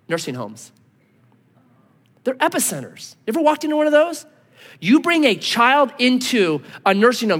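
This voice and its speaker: A man in his thirties preaching a sermon, telling a story with lively voices, then dropping to quiet, earnest tones. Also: high-pitched. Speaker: pastor. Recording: long hall reverb.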